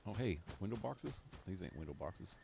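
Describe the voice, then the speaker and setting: Male streamer, gravelly, lively pitch, casual self-talk gameplay commentary over game music. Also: moderate pace, noisy background. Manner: rambling talk to himself, easily amused. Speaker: live streamer.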